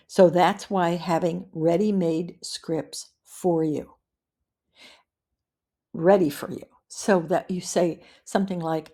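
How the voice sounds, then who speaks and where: A middle-aged woman presenting a caregiving webinar in a calm, practical way, repeating key phrases for emphasis. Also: fairly low pitch, slow. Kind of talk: instructional webinar talk.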